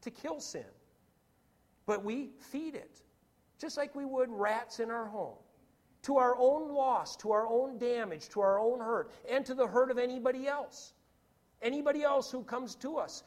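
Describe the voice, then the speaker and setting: A preacher with a high voice for a man delivers a sermon to his congregation in a church. He speaks emphatically, repeats key phrases for weight and keeps throwing questions at his listeners.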